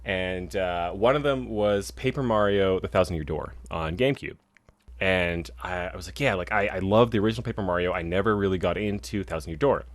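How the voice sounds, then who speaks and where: Young podcast dude, lowish voice, rambly, dry close mic. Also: male voice, a little fast, no room sound. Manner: rambling, many fillers and restarts. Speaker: podcast co-host. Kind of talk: casual chat.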